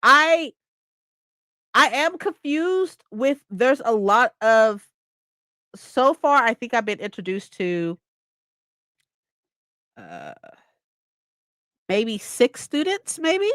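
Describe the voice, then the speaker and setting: A young woman chatting casually about a book she's reading, excitable, swearing often and acting out lines. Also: on the high side, very slow, long pauses, no room sound, studio quality. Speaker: streamer hosting a reading session.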